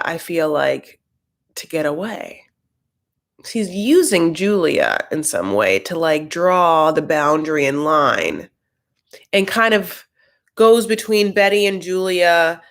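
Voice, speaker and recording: A man's voice: sits high, fairly bright tone. A man hosting a reality TV reaction show, recapping in a sassy, gossipy, campy way. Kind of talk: casual TV recap commentary.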